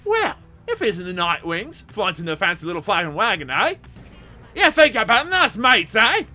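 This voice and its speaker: A man voicing a gruff, rowdy male sky pirate, loud and jeering. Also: high voice, wildly swooping pitch, normal speed, pitched above the performer's own voice, full character voice. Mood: taunting.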